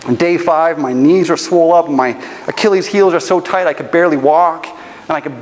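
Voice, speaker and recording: A man preaching a sermon, telling a personal story in an animated, humorous way. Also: on the high side, brisk, in a large hall, low-quality recording. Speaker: pastor. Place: church auditorium.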